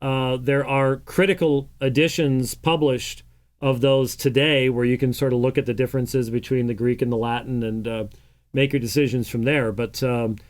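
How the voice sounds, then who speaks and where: A man hosts a call-in show with a voice of ordinary, middle pitch. He explains things at length and teaches as he talks, and he fills his pauses with frequent "uh"s. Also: fairly even intonation. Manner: explains at length with many "uh" fillers, lecturing. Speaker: host of a call-in program. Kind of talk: call-in radio talk and teaching.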